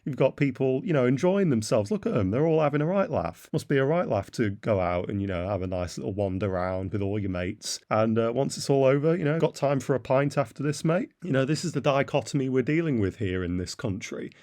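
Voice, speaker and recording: A man's voice: mid-range voice, animated, brisk, few pauses, darkish tone. A man giving a blunt, derisive opinion monologue as a commentator, with frequent "uh" fillers. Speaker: political commentator.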